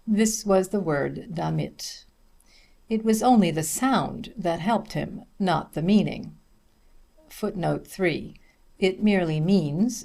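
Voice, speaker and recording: A man reading a humorous essay aloud as an audiobook narrator, with a measured, dry delivery. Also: a little high, creaky, darkish tone.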